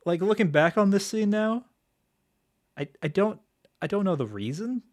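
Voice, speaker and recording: A young man co-hosting a casual podcast chat, recapping in a halting way full of fillers. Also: high-pitched, expressive, darkish tone. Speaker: podcast co-host.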